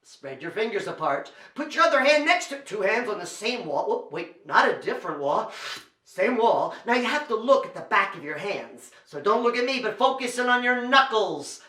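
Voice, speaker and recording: A man's voice: high-pitched, sing-song, moderate pace, pushed and bright. A man performing as a children's entertainer and storyteller, talking straight to kids at home with a playful, exaggerated show delivery. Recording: roomy echo.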